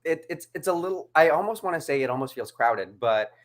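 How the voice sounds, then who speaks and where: A co-host in casual chat, animated and quick to laugh, leaning on "like" as a filler. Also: medium pitch. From United States. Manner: animated, laughs often, leans on "like".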